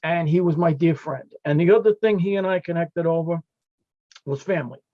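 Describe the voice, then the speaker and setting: A fire captain speaking as a guest on a video call panel, paying heartfelt tribute to a late friend through stories. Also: male voice, a little high, brisk, no echo, dull audio. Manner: storytelling, heartfelt, quoting friends.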